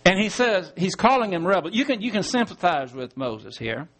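High-voiced man teaching a folksy sermon. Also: animated, normal speed, fairly bright tone. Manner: conversational, asks rhetorical questions, chuckles while explaining. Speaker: Bible teacher. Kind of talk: verse-by-verse sermon.

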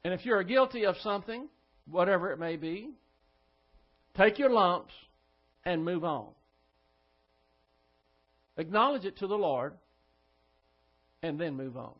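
A male pastor preaching a sermon, telling a story in a firm, instructive manner. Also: sits high. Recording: dull lo-fi church recording.

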